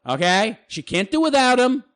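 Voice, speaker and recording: A man's voice: very high voice, big pitch swings, normal speed, a bit bright. A man ranting in a reaction commentary, crude and sneering, swearing heavily.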